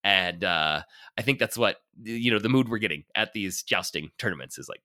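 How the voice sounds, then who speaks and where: A man hosts a casual film podcast in a very deep yet bright, forward voice. His pitch swings widely, and he talks in halting bursts with restarts and fillers, laughing often. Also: expressive. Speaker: podcast host.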